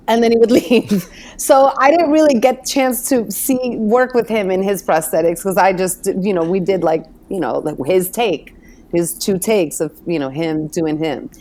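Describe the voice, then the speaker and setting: A middle-aged actress chatting as an interview guest, animated and quick to laugh as she tells stories. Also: medium pitch. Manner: animated, swearing, laughing storyteller. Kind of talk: casual interview chat.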